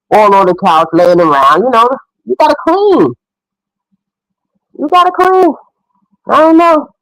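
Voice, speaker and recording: A woman's voice: mid-range voice, fairly bright tone, no echo, rough recording. A middle-aged woman giving frank, opinionated casual commentary as a mother.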